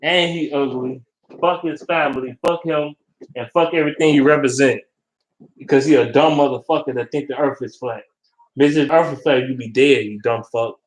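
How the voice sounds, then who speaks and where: A man ranting casually and profanely about football, animated and blunt, as a vlogger. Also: mid-range voice, normal speed. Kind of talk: casual sports rant. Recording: roomy echo.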